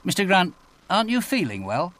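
A man's voice: high voice, huge pitch swings, brisk, a bit bright, voice pushed up, heavily acted. A man voicing a small, fussy female hospital nurse in an audiobook. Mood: fussing. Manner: fussy, solicitous. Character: older male hospital nurse, brisk and petite.

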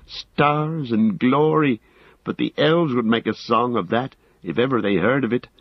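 A man voicing a loyal, eager male hobbit servant, talking breathless and excited. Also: mid-range voice, a little slow, husky, no room sound, highs cut off, voice pushed up. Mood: urgent.

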